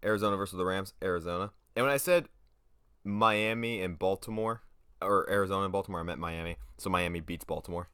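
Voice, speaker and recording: Low-voiced young man rambling through picks. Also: fast talker, a bit bright, clear, resonant tone, no room sound, clean studio sound. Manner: offhand and rambling, trails off and corrects himself mid-thought. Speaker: sports video host. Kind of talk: casual solo prediction video.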